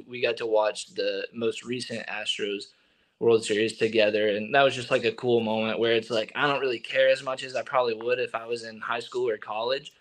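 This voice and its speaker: A young man from Texas, a baseball pitcher, telling stories in a casual interview and acting out what others said. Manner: animated storyteller, acting out quotes.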